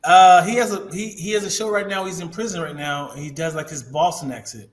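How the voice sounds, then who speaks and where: A man co-hosting a casual podcast, halting and searching for words, then excited. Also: a little high, a little hiss or hum. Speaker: podcast co-host. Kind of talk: casual chat.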